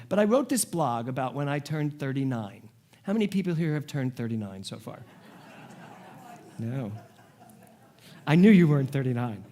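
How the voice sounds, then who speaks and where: A man in his forties, a spiritual director, giving a sermon to a congregation with animated, humorous storytelling. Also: medium pitch. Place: church service before a congregation.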